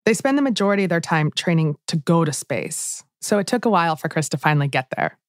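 Woman, documentary narrator, low voice, dry close studio sound, soft music behind. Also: expressive, fast talker, no room sound.

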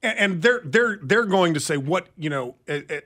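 A male radio co-host with a somewhat high voice talks in casual, opinionated banter. He often stumbles and restarts mid-sentence. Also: animated, moderate pace, bright, forceful tone. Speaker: radio talk show co-host.

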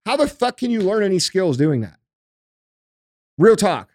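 Brief: middle-aged male podcast host, high voice, blunt swearing rants, dry close sound. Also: sing-song, moderate pace, darkish tone, dry recording. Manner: profane, blunt, emphatic ranting. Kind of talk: casual podcast chat.

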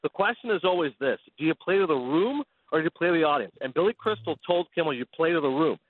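A Canadian man on a sports radio show, telling animated stories in quick casual chat over a phone line. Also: fairly high pitch. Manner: animated, fast storytelling with laughs.

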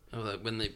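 With a fairly low pitch and a sharp, clear, resonant tone, a male podcast co-host chats casually about a film. He animatedly questions its logic, leaning on rhetorical questions.

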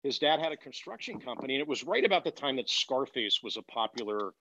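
A middle-aged man, a guest in a conversational interview, telling candid, animated stories and quoting people in lively voices. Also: mid-range voice, fast talker, dull audio, a little hiss or hum. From United States.

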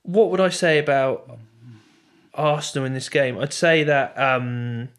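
A man's voice: mid-range voice, measured pace. A man co-hosting a casual football podcast, hesitant, with many restarts, laughing easily. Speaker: podcast co-host.

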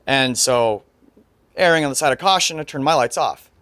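A man's voice: mid-range voice, normal speed, a bit bright, no echo. A man telling a story in a casual podcast chat, setting out the details step by step.

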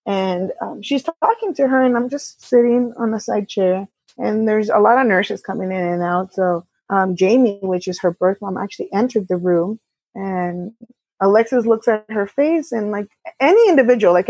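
A woman co-owner of a repair shop telling a personal story as a podcast guest, candid and halting, often quoting others. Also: medium pitch, darkish tone, breathy edge, no echo, rough recording. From California. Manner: candid, halting with restarts, quotes others in dialogue. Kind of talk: conversational storytelling.

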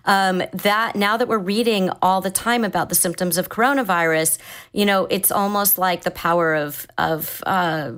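A woman in her forties with a somewhat low voice speaks as a therapist guest. She explains things calmly and thoughtfully, circling back and restarting phrases as she works out her point. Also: normal speed. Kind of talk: advice-giving conversation.

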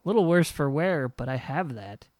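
Higher-voiced man hosting a casual podcast. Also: lively intonation, normal speed, darkish tone, no echo, studio quality. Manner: laughs often, jokey. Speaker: podcast host. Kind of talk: casual chat.

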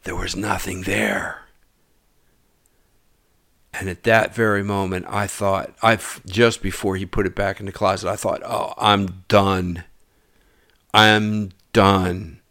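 In a gravelly, low-sitting voice, a man tells a personal story casually and a little slowly, pausing often. He's animated, acting out dialogue and sometimes dropping to a mutter. The studio-quality recording has no room sound.

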